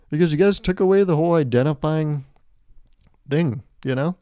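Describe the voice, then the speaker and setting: A man's voice: fairly high pitch, moderate pace, dark tone, clean tone, dry recording. A man in his twenties hosting a solo podcast, rambling and joking, acting out quotes as he mocks himself. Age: 20s. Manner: rambling, joking, self-mocking with acted-out quotes. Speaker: podcast host. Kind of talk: casual solo podcast monologue.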